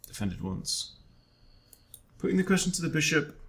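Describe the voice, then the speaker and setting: A man's voice: fairly high pitch, big pitch swings, normal speed, vocal fry, fairly bright tone. A man, a chess coach, thinking aloud during an online game in a wry, self-deprecating way, often muttering to himself.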